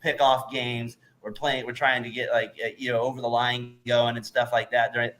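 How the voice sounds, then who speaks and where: A man hosting a casual sports interview, quick and eager, reacting with frequent laughter. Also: medium pitch, little pitch movement, pushed and bright. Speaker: interview host.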